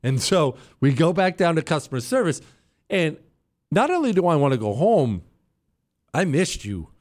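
A man telling a travel story on air, animated and sarcastic, swinging between loud and quiet. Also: fairly high pitch, moderate pace. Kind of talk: storytelling monologue.

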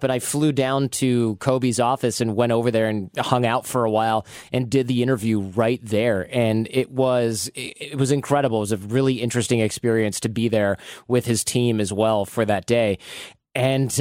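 A man's voice: mid-range voice, a little mellow, dry recording, studio quality. A man talking as a guest on a podcast, telling candid stories in a chatty, open way. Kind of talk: casual interview chat.

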